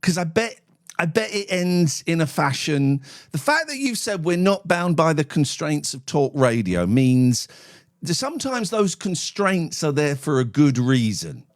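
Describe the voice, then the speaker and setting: A man's voice: fairly high pitch, big pitch swings, measured pace. A man hosting a phone-in show, chatting casually with callers in a blunt, sweary, sardonic way. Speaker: phone-in host. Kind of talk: casual live-stream chat.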